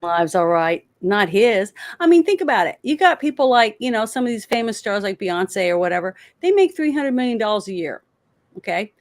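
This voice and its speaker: A woman's voice: a little high, dry recording. A woman co-hosting a political podcast, ranting in heated, swearing bursts. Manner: fired-up, swearing, rapid bursts of anger. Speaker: co-host.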